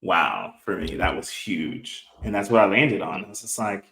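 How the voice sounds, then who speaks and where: A man in his late thirties, a guest entrepreneur speaking earnestly and reflectively in a podcast interview, often quoting others in quick bursts. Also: low-pitched, expressive, pushed and bright. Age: 30s. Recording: echoey room.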